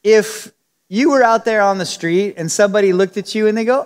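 A man's voice: high-pitched, quick pace, clean tone. A man preaching a verse-by-verse Bible teaching, talking conversationally and acting out the quotes in different voices. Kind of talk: expository Bible teaching sermon. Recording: long hall reverb.

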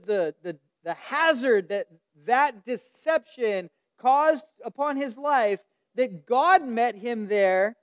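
High-voiced, animated male preacher. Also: smooth. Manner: animated storytelling, acts out quoted lines. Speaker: pastor. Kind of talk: sermon. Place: church service.

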